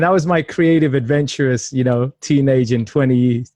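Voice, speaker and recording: A man's voice: mid-range voice, moderate pace, darkish tone, no echo. A man hosting an interview show, chatty, upbeat and affirming toward his guest. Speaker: podcast host. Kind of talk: casual interview chat.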